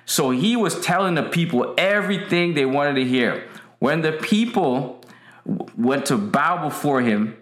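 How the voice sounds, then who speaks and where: This livestream sermon comes from a man whose voice sits on the high side and sounds a bit bright. He preaches casually but emphatically to an online audience, saying his main points more than once and welcoming viewers by name, all with a roomy echo.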